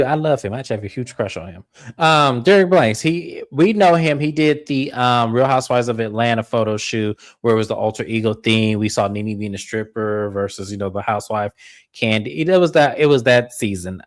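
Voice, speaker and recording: A man hosts a loose, frank recap, swearing freely and playing out each quote by leaping up in pitch. His voice sits in an ordinary middle register and sounds dry and close to the mic. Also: no echo. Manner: animated, acts out quotes with big pitch jumps. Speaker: show recap host. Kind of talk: casual reality TV recap.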